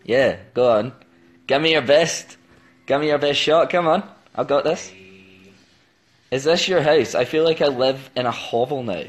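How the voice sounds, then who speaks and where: A man's voice: mid-range voice, a little slow, long pauses. A young man from England on a phone live stream, chatting playfully and giggling as he tries out silly accents. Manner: playful, giggly, jumps between joke accents. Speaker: band member hosting a live stream. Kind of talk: casual chat doing silly accents.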